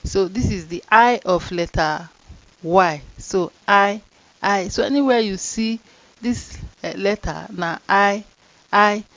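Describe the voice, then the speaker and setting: A woman teacher with a Nigerian Pidgin accent leads a phonics lesson at a very unhurried pace, drawing out every letter and word one at a time. Her voice is close and dry, with a slightly dull, muffled recording. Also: mid-range voice, fairly bright tone, dry recording. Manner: slow, drawn-out sounding of letters and words.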